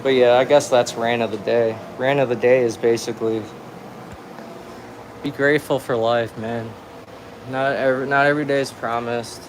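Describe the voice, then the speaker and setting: A man's voice: medium pitch, fairly even intonation, normal speed, background noise. A young man hosting a casual livestream from home, talking in a laid-back, rambling way full of slang. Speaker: livestream host. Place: at home with a cat. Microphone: phone livestream.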